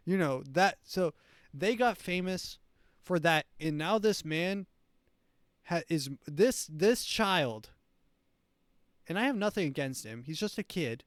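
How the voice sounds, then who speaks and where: A man's voice: fairly high pitch, animated, slow, long pauses, no echo, clean studio sound. A man hosting a comedy show who comments on clips in a rambling, mocking way. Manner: rambling, mocking, with frequent restarts. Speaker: show host.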